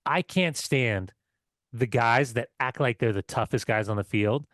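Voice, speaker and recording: A man co-hosting a casual football podcast, telling excited, swearing stories with laughs. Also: mid-range voice, a little slow, no echo, studio quality. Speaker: podcast co-host.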